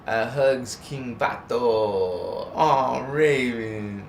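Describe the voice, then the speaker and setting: A man's voice: medium pitch, lively intonation, slow, fairly bright tone. A man hosting a casual live stream, playful and laughing often as he greets viewers in the chat. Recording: echoey, distant mic, faint background noise.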